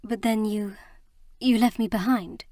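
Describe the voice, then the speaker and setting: Give me a woman playing an emotional young heroine, a bit higher and louder than a narrator, in a dry audiobook read. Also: steady tone, a little slow, no echo, natural voice. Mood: earnest, emotional. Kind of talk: audiobook character reading.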